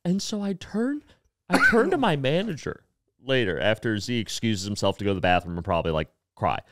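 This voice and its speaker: Animated young man telling a funny story. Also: fairly low pitch, brisk, noisy background. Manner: animated, profane, acts out the people in his story. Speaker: comedian and podcast co-host. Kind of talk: casual comedic storytelling.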